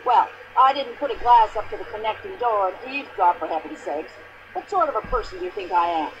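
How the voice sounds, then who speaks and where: An actress playing a pushy, indignant older American widow in a mystery video game, complaining at length in a shrill voice. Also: female voice, expressive, a little fast, highs cut off, noisy background, close to an everyday voice. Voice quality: shrill, complaining, long-winded.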